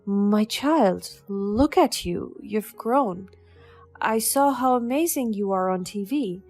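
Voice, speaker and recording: A woman's voice: mid-range voice, lively intonation, takes it slowly, a little mellow. A woman voicing a remorseful middle-aged man who tearfully pleads for forgiveness, over faint background music. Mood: pleading.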